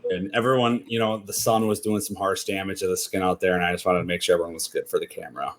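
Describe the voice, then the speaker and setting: A man's voice: low voice, fairly even intonation, fast talker. A young man with a Wisconsin accent, chatting casually as a guest about his time on a reality show, a little sleepy but trying to keep his energy up. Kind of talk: casual video chat interview.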